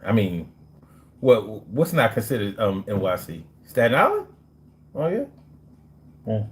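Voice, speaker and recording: A man's voice: lowish voice, big pitch swings, a little slow. A man hosting a casual live stream, reading chat and joking in a loose, slangy way with frequent laughs.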